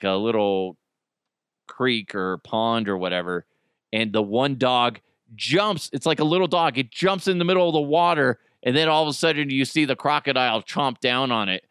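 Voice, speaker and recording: A man's voice: mid-range voice, a bit bright, clear, resonant tone, no echo, studio quality. A middle-aged man hosting a casual solo podcast, ranting in an exasperated, profane way and telling stories with lots of animation. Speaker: podcast host.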